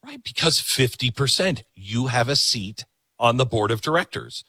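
A man's voice: medium pitch, animated, normal speed, pushed and bright, slightly rough, dry recording. A middle-aged man hosting a political talk show, delivering an emphatic monologue and repeating words for emphasis.

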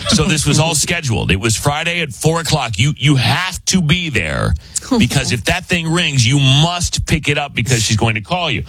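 A husky man in casual storytelling mode, his pitch swooping up and down as he talks. He laughs often and acts out the voices of the people in his story. The sound is dry and close, with no room echo. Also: very animated, normal speed, fairly bright tone.

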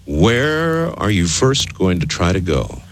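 A man's voice: slow pace, slight background noise. A man hosting a call-in radio talk show, taking callers and talking emphatically to his listeners. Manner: animated, emphatic, swoops low for mock voices.

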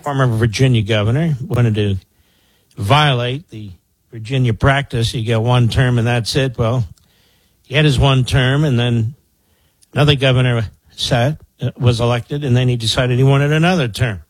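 A man's voice: mid-range voice, steady tone, normal speed, dry recording. A man in his sixties from the Philadelphia area, hosting a political talk radio show in a sarcastic, combative way. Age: 60s.

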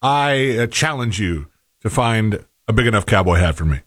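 A man co-hosting a casual chat, talking in halting bits with lots of restarts. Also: on the low side, expressive, dry recording, clean studio sound. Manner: hesitant, halting with fillers and restarts. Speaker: co-host.

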